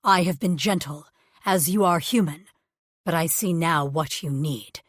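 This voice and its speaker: A woman voicing a male sea creature mate, gentle but stern, with a deep rumbling voice and measured, formal speech. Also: no echo, studio quality.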